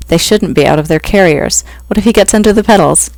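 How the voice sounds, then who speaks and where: A dry, no-nonsense man behind the wheel, voiced by a reader, who answers flatly and curtly. The voice has a gravelly texture and sounds dry and close. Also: mid-range voice, brisk, no echo, close to an everyday voice. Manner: dry, flat delivery. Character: dry, practical man driving a truck. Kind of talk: audiobook reading.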